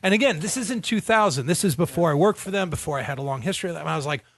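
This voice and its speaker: A man, a guest in a podcast studio, telling casual stories in an animated way and acting out quoted voices. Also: fairly high pitch, very fast, slight background noise. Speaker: guest, motocross event organizer. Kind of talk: casual storytelling.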